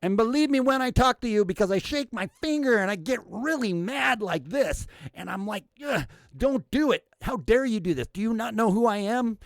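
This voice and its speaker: A man's voice: high voice, animated, moderate pace, creaky, hardly any pauses, voice pushed up. A man putting on a sarcastic, rambling take of an older male politician, in a mock-indignant tone. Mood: mock-angry.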